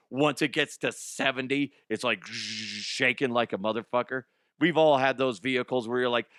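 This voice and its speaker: A man's voice: mid-range voice, a bit bright, no room sound, clean studio sound. A man hosting a comedic news show, talking in a rambling, profane way with frequent laughter. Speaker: podcast host.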